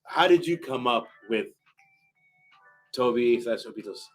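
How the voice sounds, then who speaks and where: A man's voice: medium pitch, soft background music, poor audio. A man hosting a live stream, talking energetically with lots of fillers and hype. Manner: energetic hype, fast filler-laden talk. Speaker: stream host.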